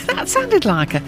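A woman co-hosting a casual gardening chat, teasing her partner and explaining things step by step. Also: high-pitched. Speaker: co-host.

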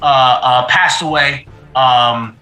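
A man chatting casually on a podcast, emphatic and quick to laugh, repeating himself as he talks. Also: medium pitch, sharp tone, reverberant, low-quality recording. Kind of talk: casual chat.

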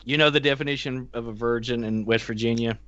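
A man's voice: medium pitch, steady tone, fast talker, a bit bright, no echo, muffled recording. A man in casual chat, teasing and telling crude jokes.

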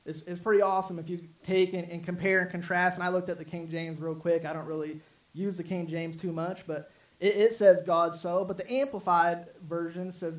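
A man's voice: high-pitched, fairly even intonation, moderate pace, low-quality recording. A man preaching a sermon in an earnest, rambling way, with many restarts. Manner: earnest, repetitive with frequent restarts and fillers. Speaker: pastor.

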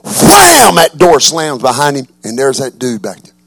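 A male pastor preaching a sermon, telling a story with animation and rising to fervent shouts. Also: medium pitch, huge pitch swings, measured pace, gravelly.

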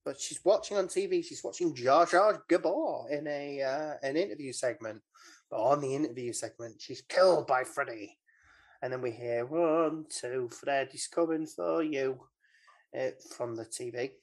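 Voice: mid-range voice, normal speed. A podcast co-host casually recapping a horror film, rambling with asides and mimicked lines.

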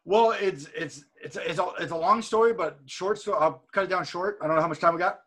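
A man speaking as a guest over a video call, telling a story in an energetic, profane way and repeating words as he goes. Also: high voice, fairly quick, a loud crowd. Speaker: guest, streamer and wrestler. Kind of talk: casual storytelling chat.

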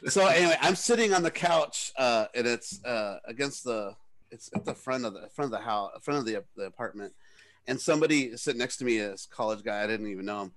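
A man's voice: medium pitch, a little fast, a bit bright, dry recording. A middle-aged man, a podcast co-host, telling a rambling story in casual chat. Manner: rambling, self-interrupting storyteller.

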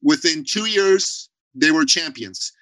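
A man as a podcast guest on a video call, talking in an emphatic, blunt way and telling animated stories. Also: on the high side, slow, dry recording, poor audio. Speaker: podcast guest, business owner. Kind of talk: energetic interview talk.

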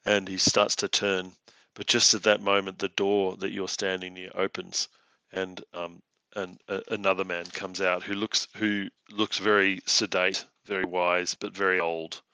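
Male game master, halting narration, deep and gravelly. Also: flat delivery, sharp tone, no room sound. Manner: halting, many fillers and restarts.

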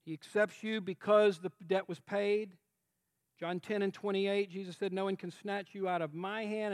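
High-voiced impassioned male preacher. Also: no room sound. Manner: impassioned, swings from soft to shouted cries. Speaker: pastor. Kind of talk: sermon.

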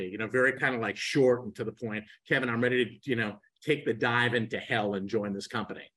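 A man in his sixties, a podcast guest, telling animated stories and acting out the dialogue. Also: medium pitch, fast, few pauses, rough recording. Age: 60s. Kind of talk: storytelling in a podcast interview.

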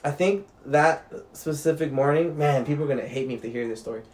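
A man's voice: a little high, fast talker. A young man casually telling a story, swearing freely and laughing as he talks. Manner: laid-back, swears freely, laughs through his story.

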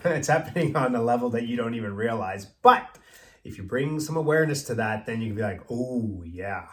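A man's voice: mid-range voice, expressive, a little fast, fairly bright tone. A man who works as a personal trainer, co-hosting a podcast in casual chat and explaining things in an easygoing way. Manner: easygoing, explanatory, drifts into acted-out dialogue.

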